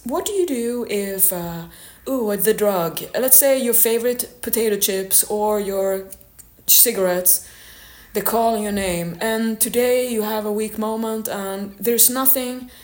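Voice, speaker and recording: A woman's voice: medium pitch, a little mellow. A woman fitness coach giving a blunt, candid motivational monologue and swearing now and then. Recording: echoey room.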